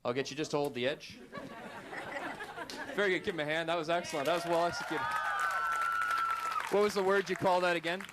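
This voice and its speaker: A man performing a magic trick on a talk show, with brisk showman patter. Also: fairly high pitch, a loud crowd, very noisy. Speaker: stage magician guest.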